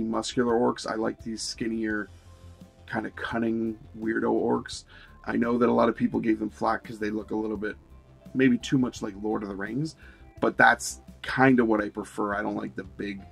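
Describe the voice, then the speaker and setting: A man hosting a miniature painting tutorial, talking in a relaxed, rambling way with many fillers. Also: mid-range voice, gravelly. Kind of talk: casual tutorial narration.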